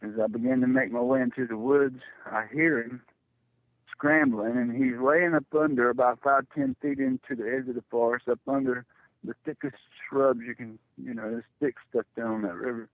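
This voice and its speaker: A middle-aged man telling a personal story as a radio guest, halting and repeating words when it gets tense. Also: mid-range voice, steady tone, dry recording. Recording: tinny phone line, dry.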